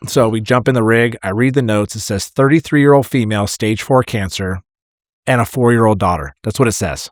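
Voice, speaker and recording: A man's voice: lowish voice, fairly quick, dry recording. Firefighter guy on a podcast, swears a lot, gets emotional, super dry sound. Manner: candid, swears freely, emotional storytelling. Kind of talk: casual podcast chat.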